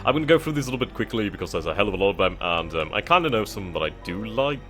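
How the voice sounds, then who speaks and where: Deep guy doing a let's-play, reads menus out and mulls choices, bit of music underneath. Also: sing-song, very fast. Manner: reads on-screen text aloud, thinks out loud with hesitations. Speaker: gaming channel host. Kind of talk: casual let's-play commentary.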